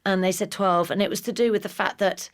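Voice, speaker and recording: A middle-aged woman from England talks in a relaxed podcast chat. She tells her stories with energy and slips into other people's voices whenever she quotes them. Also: mid-range voice, fast talker, clean tone. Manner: animated storyteller, acts out voices in quotes. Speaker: guest. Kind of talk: casual podcast conversation.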